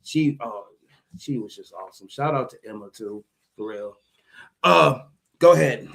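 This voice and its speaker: A man's voice: medium pitch, expressive, a little slow, creaky, fairly bright tone. A man telling a story in casual, profane chat, acting out sound effects and voices and laughing often. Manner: profane, slangy. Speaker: podcast co-host.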